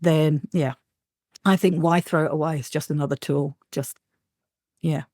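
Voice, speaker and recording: A woman paranormal investigator, telling lively anecdotes as a guest, acting out quotes and laughing often. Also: low voice, normal speed, no echo, studio quality. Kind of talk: animated storytelling in an interview.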